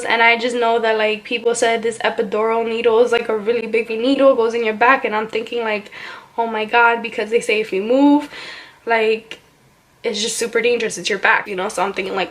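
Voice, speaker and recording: A young woman vlogger casually telling a story, animated and chatty, full of "like" fillers. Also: fairly high pitch, fairly quick.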